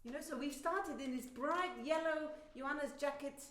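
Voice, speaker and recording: A British woman coaching a flute student in a masterclass, expressive and singing phrases to demonstrate. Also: sits high, moderate pace. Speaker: flute teacher. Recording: echoey hall.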